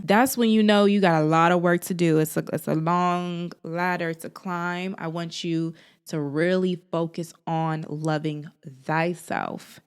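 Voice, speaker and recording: A woman with a lower voice talks straight to her viewers in a casual, encouraging vlog. She is animated and sassy, swinging from playful asides to heartfelt encouragement like a big sister. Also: clean tone. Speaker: faith and lifestyle vlogger. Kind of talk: casual encouraging talk to camera.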